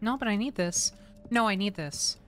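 A woman streamer giving live commentary on a horror game, swearing, laughing and yelling when she gets startled. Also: medium pitch, normal speed, a little hiss or hum. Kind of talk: live let's-play commentary.

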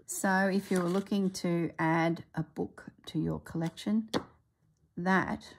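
A woman's voice: lowish voice, steady tone, slow pace, a little hiss or hum. A woman chatting casually as she reviews a craft book, exclaiming and thinking aloud, often trailing off mid-sentence.

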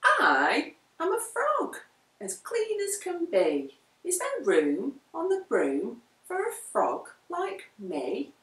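A cheerful male frog from a picture book, played by a woman reading aloud, piping up high and eager. The room rings around him and the mic sits far off. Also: huge pitch swings, slow, a bit bright, heavily acted. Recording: roomy, from far off.

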